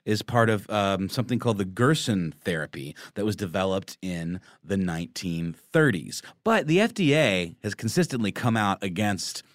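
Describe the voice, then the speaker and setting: A man co-hosting a casual podcast chat, joking and excitable, jumping up in pitch when something delights him. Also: normal speed, hardly any pauses, no echo, studio quality. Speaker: podcast co-host.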